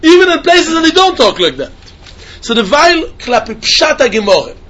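A man giving a yeshiva-style Talmud lecture in a quick sing-song study chant. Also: very high-pitched, wildly swooping pitch, a bit bright. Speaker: Talmud teacher.

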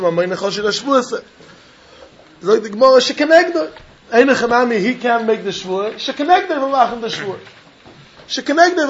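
A man teaches a Talmud class in English with a Yiddish-inflected accent. His voice is high and husky, and it rises and falls in an animated, sing-song learning cadence. The recording sounds muffled and lo-fi. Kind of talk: Talmud lecture.

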